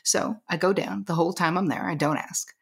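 A woman's voice: lowish voice, a little fast, creaky, slightly rough. A middle-aged woman, a guest coach, telling a personal story in an earnest, emphatic way. She sometimes drops to a whisper to stress a point.

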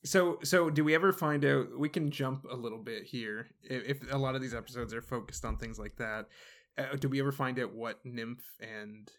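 Curious man asking halting questions. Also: mid-range voice, fairly even intonation. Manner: curious, hesitant questions with restarts. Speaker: podcast co-host. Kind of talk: casual chat.

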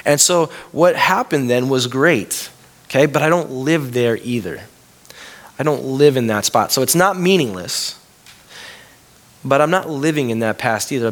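A man in his thirties preaching a conversational sermon, lifting his voice when quoting and dropping soft and low for a personal story. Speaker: pastor.

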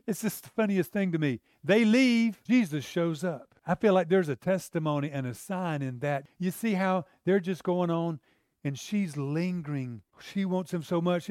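High-voiced preacher acting out scenes. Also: male voice, darkish tone, no room sound, clean studio sound. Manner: conversational, acts out the disciples' lines in character. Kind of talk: sermon.

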